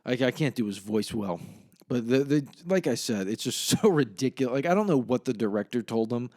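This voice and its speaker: Retelling a film on his casual solo podcast, the young man rambles, curses, and laughs at his own account. His mid-range voice is a little mellow, with lively intonation and a brisk pace.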